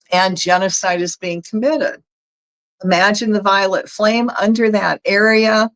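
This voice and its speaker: A woman's voice: mid-range voice, poor audio. Folksy Southern woman guiding energy work. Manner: chatty, folksy, talks viewers through steps. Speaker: energy healer. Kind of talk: guided energy work session.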